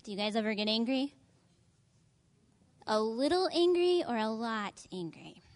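A woman reads a picture book to children during a church service, stopping often to ask them questions. Her voice sits fairly high and she takes her time. The sound is close and dry. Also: a little slow, no echo. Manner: animated storyteller, asks children questions. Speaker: children's message leader.

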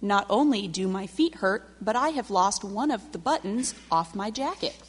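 A woman's voice: mid-range voice, expressive, normal speed, slightly rough. Woman reading as Toad, a fussy storybook toad. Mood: complaining. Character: fussy, easily upset male toad. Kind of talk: storybook read-aloud. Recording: long reverb of a large hall.

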